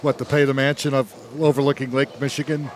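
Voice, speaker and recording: A man's voice: mid-range voice, flat delivery, quick pace. A man giving casual, jokey play-by-play commentary on a bowling broadcast, laughing often. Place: bowling alley. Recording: noisy bowling alley broadcast. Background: bowling alley noise.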